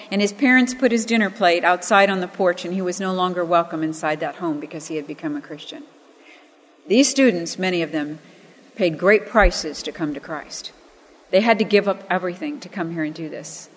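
A woman's voice: lowish voice, a little fast, big-room sound. A woman teaching from the Bible in an earnest, storytelling manner, pressing hard on key phrases and weaving in personal stories.

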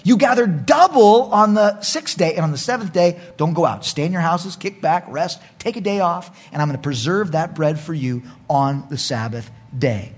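A male pastor preaching a lively sermon to his congregation, acting out voices and laughing often. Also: fairly high pitch, moderate pace, hardly any pauses.

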